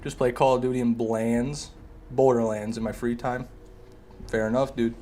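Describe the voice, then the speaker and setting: A man's voice: medium pitch, little pitch movement, normal speed, dark tone, a little hiss or hum. A man streaming a game live, chatting casually with viewers and answering their comments, sometimes with sarcastic jabs.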